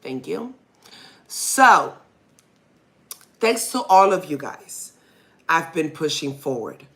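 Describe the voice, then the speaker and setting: A woman's voice: low-pitched, sing-song, slow, a bit bright. A mother hosting her own podcast, telling a personal story in a candid, rambling way and laughing when nervous.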